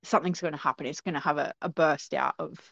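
A woman's voice: sits low, fast talker, vocal fry, a bit bright, dry recording. A woman, a guest, tells a story in a casual, conversational way with many fillers, acting out the quotes. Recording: dull lo-fi recording.

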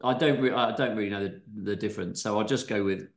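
A man's voice: on the low side, quick pace. A man hosting a podcast in easygoing, slightly hesitant casual chat. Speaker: podcast host reading a story. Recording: echoey room.

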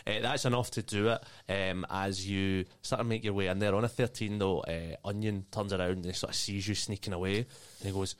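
A man narrating as game master of a tabletop game, loose and casual with many ums and uhs, quick to laugh. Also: lowish voice, fairly even intonation, clean tone.

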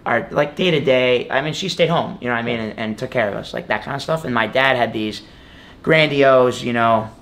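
This college wrestler, a young man being interviewed, speaks briskly in a mid-range voice with a fairly bright tone. His casual answers ramble along, packed with "like" and "you know."

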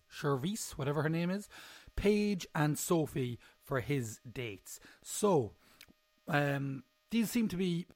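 Young male podcast host, slightly high voice, chatty self-mocking recap, dry sound. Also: no echo. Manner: rambling, jokey, self-mocking. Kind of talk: casual solo recap chat.

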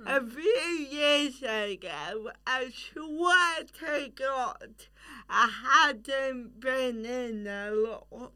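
Slow-talking bright-voiced woman comedian. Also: high voice, lively intonation, smooth. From England. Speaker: guest comedian. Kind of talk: casual podcast chat.

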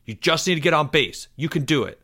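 A man's voice: fairly high pitch, moderate pace, vocal fry, sharp tone, pitched above the performer's own voice, heavily acted. A man voicing a young schoolboy who urges a classmate on. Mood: encouraging. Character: young boy classmate, encouraging and eager.

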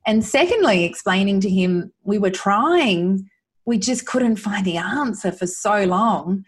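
A woman with a husky, slightly breathy voice speaks as a guest on a podcast. Her pitch sits in an ordinary middle range. She talks earnestly and from the heart, often restarting her sentences. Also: lively intonation, unhurried. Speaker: guest, mother sharing her son's recovery. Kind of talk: emotional podcast conversation.

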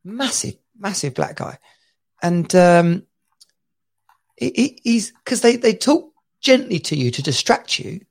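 Gravelly forties man, animated storyteller. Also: high-pitched, slow. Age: 40s. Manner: animated storytelling, laughs a lot. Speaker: podcast co-host. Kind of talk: casual chat.

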